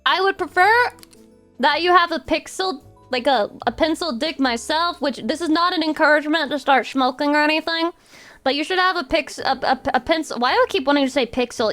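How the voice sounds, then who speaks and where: A young adult woman streamer chatting casually with viewers in a playful, teasing way, with sudden squeaky outbursts. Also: fairly quick, a bit bright. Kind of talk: casual chat reacting to viewers. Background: faint music.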